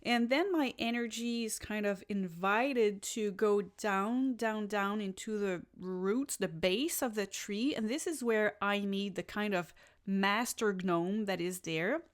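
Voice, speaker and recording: A woman hosting a podcast, telling a personal spiritual experience in a lively, enthusiastic way, with casual asides and restarts. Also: medium pitch, slow pace. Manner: animated and enthusiastic, with laughs and restarts. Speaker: podcast host and spiritual reader. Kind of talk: casual first-person storytelling.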